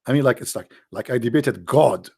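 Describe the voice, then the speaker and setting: A man's voice: mid-range voice, fairly quick, gravelly, mellow, slightly rough, dry recording, clean studio sound. A man with an Arabic-accented English hosting a livestream, talking in a sarcastic, mocking casual commentary. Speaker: livestream host.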